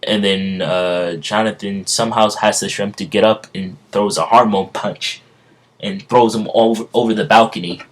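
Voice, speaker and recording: Low-voiced man rambling through a story. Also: steady tone. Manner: halting, rambling, full of restarts. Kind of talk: rambling fan-story retelling.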